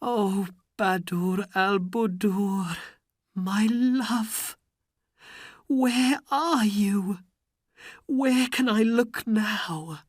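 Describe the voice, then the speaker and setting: Woman doing a young man hero, earnest, pleading, high raised voice, slow, dry sound. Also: big pitch swings, a bit bright, no echo, exaggerated voice. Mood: desperate.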